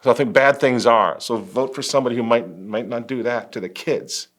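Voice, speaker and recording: A mid-pitched man delivers religious political commentary in an emphatic, preaching way. He leans on sarcasm and drops wry little laughs between points. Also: a little fast, a bit bright. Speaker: host.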